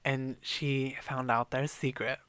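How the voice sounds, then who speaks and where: Bright-voiced, animated podcast co-host, a man. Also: medium pitch, takes it slowly, clean tone, no echo. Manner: animated, profane, acts out lines. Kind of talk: casual book-club chat, retelling the plot.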